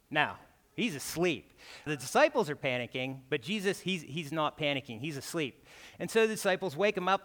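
A man with an American accent preaches in a casual, conversational way, often tossing in "right?" to the congregation. His voice sits a little high for a man. The sound carries a long hall reverb from the church sanctuary. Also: sharp tone. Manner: conversational, keeps asking "right?". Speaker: guest preacher. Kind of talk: sermon.

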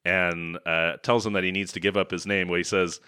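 A man co-hosting a podcast, casually recapping a film with animated storytelling and sudden loud impressions. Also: low voice, a little fast, smooth. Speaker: podcast co-host. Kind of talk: casual movie recap chat.

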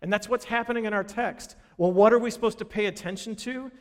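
A man in his thirties delivers a sermon in a relaxed, storytelling way. His voice sits a little on the high side, and he drops it low to act out quoted lines. The sound carries the long reverb of a large hall. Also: fast talker. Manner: conversational and storytelling, acting out quotes with a dropped voice. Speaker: pastor.

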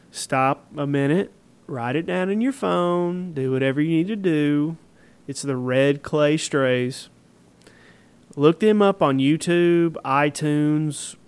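Rambling Tennessee podcast host, smooth voice. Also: male voice, a little high. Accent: Middle Tennessee Southern. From Middle Tennessee. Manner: rambling, easygoing, with many fillers and restarts. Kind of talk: casual solo podcast talk.

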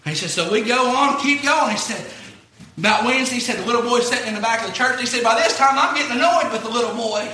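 A man's voice: extremely high pitch, fast talker, sharp tone, echoey room, slight background noise. A man preaching a sermon, retelling a story in a folksy way with repeated "he said".

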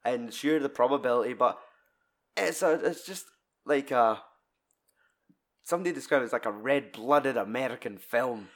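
A Scottish man in a relaxed film chat, swearing a lot and jumping into loud voices to act out scenes. His pitch sits in the middle range. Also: moderate pace, long pauses.

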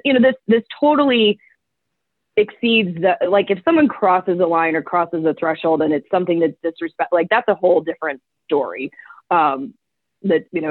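A woman's voice: lowish voice, no echo. A woman being interviewed as a coach, telling stories and acting out what people said. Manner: animated, acts out quotes. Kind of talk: casual storytelling. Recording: tinny phone-like line, dry.

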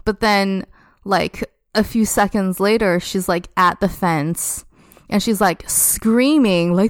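A woman's voice: mid-range voice, slow pace, no room sound, studio quality. A young adult woman telling a story as a podcast guest, chatty and full of "like". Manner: chatty, heavy use of "like". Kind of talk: casual storytelling.

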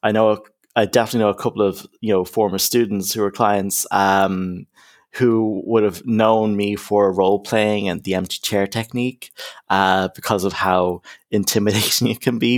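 A man's voice: fairly low pitch, steady tone, normal speed. A young man, a counsellor, talking casually in an interview, emphatic, with lots of "you know" and "okay?". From Ireland. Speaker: counsellor, podcast guest.

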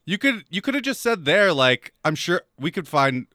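High lively man, bright voice. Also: normal speed, no room sound, clean studio sound. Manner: loud, laughing, mocking. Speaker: podcast co-host. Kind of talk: crude casual banter.

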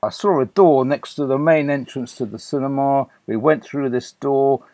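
A man's voice: mid-range voice, moderate pace, mellow, no echo. Older English man, guest raconteur, conversational and rambling, dry close recording. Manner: anecdotal, chatty with frequent fillers and restarts. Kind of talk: conversational storytelling.

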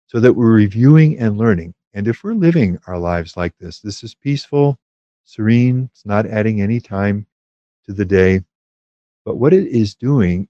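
A man, a priest, giving a spoken retreat conference in an unhurried, gentle way, with many fillers and restarts. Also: lowish voice, no echo, lo-fi sound.

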